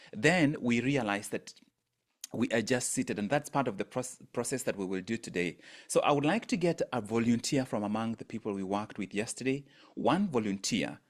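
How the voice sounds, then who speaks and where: A man coaching an online mindset workshop, speaking emphatically and repeating phrases for effect. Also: medium pitch. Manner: emphatic, repeats phrases for effect, rises sharply on quoted lines. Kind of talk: teaching talk. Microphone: video call.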